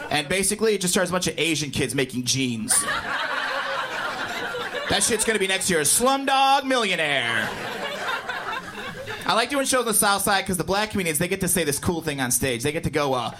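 A man from Indiana doing a crude, self-mocking stand-up set of punchy one-liners on a club stage. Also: high-pitched. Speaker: stand-up comedian. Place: comedy club stage before a live audience. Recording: live club recording with noisy room.

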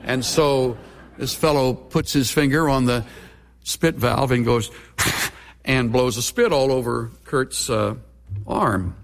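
A man's voice: medium pitch, takes it slowly, big-room sound. A middle-aged man, a pastor preaching a sermon with folksy, humorous storytelling.

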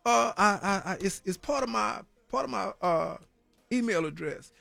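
A man's voice: extremely high pitch, expressive, normal speed, gravelly, sharp tone, no room sound, faint music behind. A man giving an earnest, emphatic personal faith testimony about his time in prison, often tagging phrases with "man" and repeating words as he gets stirred. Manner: repeats words when stirred, preacher-like cadence.

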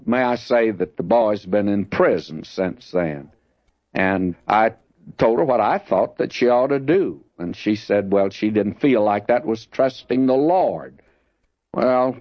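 A man's voice: mid-range voice, no echo. A man giving a folksy, conversational Bible teaching, often addressing listeners as friends. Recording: dull lo-fi dry recording.

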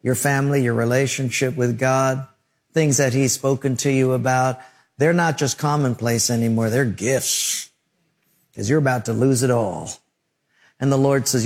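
A male pastor preaching a sermon, telling vivid stories with lively emphasis. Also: medium pitch, normal speed. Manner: animated storytelling preacher.

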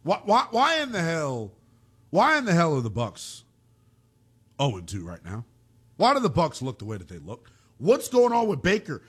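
A man hosting a call-in sports radio show, ranting in a slangy, animated way. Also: on the high side, normal speed, long pauses, slightly rough.

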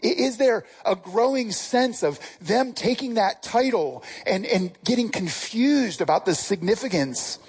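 Preacher for a casual, conversational sermon; husky tone, pitch rises and falls a lot. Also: animated, unhurried, hardly any pauses, a little mellow, poor audio. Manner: casual, asks the listeners direct questions.

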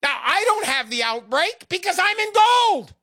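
An older man hosting a radio talk show, pitching in a brash, salesman-like way with rhyming quips. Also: big pitch swings, normal speed, sharp tone, no echo, studio quality. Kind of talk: gold investment talk radio.

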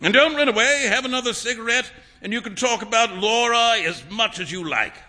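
A worldly young painter, amused and breezy, as a male reader voices him. His voice sits high and swings freely. The tone is very bright. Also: a little fast, exaggerated voice. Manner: breezy, lively, laughing.

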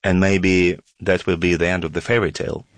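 A man's voice: low-pitched, fairly quick, no room sound. A man, speaking ironically and with animation in an interview clip. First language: Russian. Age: 40s. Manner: animated, ironic, pace jumps around. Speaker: comedian and former journalist.

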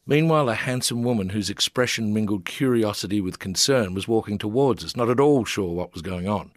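An older man reading his travel memoir in a lowish voice, measured and gently amused. The sound is close and dry, with no room around it. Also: no room sound. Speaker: memoir narrator.

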